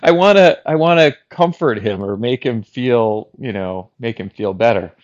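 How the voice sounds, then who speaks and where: A man chatting as a comedy guest, rambling and giggly, with lots of halting restarts. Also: mid-range voice, lo-fi sound. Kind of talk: casual improv chat.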